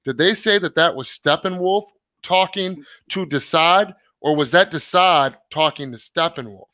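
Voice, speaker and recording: Male host on a live stream: a bright, dry, lo-fi voice, rambling with lots of fillers. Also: a little high, unhurried, no echo. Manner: rambling, many fillers and restarts. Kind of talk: casual chat reading comments.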